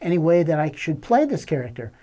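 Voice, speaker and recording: A deferential older actor, eager to please and a bit unsure of himself, as an older man puts him on while telling a story. The voice sits a touch higher than the teller's own, with a mellow, warm tone. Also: very animated, a little fast. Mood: polite, eager. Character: insecure older male actor, polite and eager.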